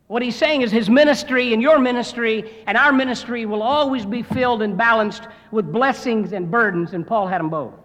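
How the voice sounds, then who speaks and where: A man with a high, light voice preaches a guest sermon in a seminary chapel. He is a folksy storyteller who mixes jokes into the message, and his words ring out with a long hall reverb. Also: a bit bright.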